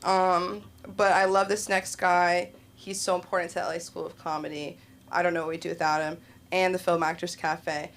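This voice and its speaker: A woman's voice: on the low side, flat delivery, normal speed, a bit bright. Chatty woman hosting a comedy open mic. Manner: chatty, laughing, acts out both sides of stories. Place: comedy club stage.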